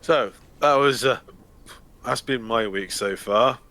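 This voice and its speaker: A man's voice: mid-range voice, takes it slowly, sharp tone. A man hosting a gaming video, chatting casually and joking in a rambling way. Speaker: gaming channel host. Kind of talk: casual chat while playing.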